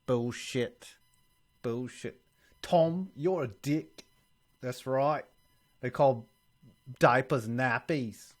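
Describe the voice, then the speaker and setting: A man's voice: mid-range voice, extremely slow, long pauses. A man voicing a crude, mocking British soccer fan in an exaggerated put-on accent. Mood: jeering.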